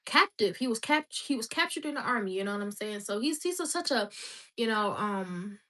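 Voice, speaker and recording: A woman's voice: medium pitch, expressive, fairly quick, sharp tone. A woman in her twenties chatting casually and rambling on a livestream, laughing often. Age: 20s.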